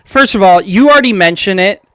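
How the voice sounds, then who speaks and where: Young male co-host, high-pitched, dry close sound, eager slangy chatter. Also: smooth, dry recording. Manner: excitable, slangy, fast bursts. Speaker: podcast co-host. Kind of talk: casual chat.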